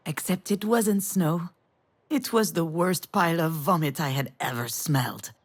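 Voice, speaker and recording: A soft-spoken tender mother. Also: fairly low pitch, measured pace, husky. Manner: soft, reminiscing. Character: tender mother recalling the past, gentle. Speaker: game character. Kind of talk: visual novel storytelling monologue.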